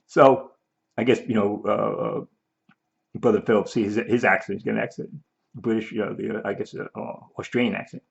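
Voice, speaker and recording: A man's voice: on the low side, fairly even intonation, fairly quick, gravelly. A man giving rambling, emphatic video commentary, often repeating himself and mock-quoting the people he argues against. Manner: emphatic, repeats and restarts, mock-quotes opponents. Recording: dull lo-fi audio.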